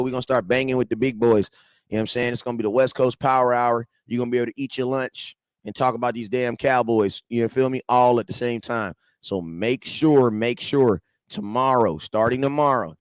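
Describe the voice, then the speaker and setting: A man in his thirties hosts a loose livestream fan show. He greets viewers, repeats himself and banters in easy slang. His voice sits at an ordinary pitch and is recorded dry and close to the mic. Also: dry recording. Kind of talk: casual livestream chat.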